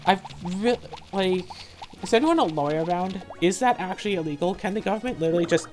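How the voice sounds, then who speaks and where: A young woman with a fairly low voice rambles through a frustrated, sarcastic rant while she plays a game. Soft game music sits faintly behind her casual talk. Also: animated, fast. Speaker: let's play host. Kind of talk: casual commentary while gaming.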